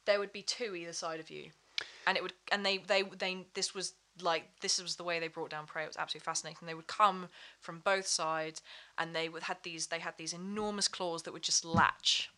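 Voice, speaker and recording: A woman's voice: on the low side, fairly even intonation, fairly quick, bright, forceful tone. A woman chatting as a podcast guest, rambling with many fillers and restarts. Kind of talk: casual chat.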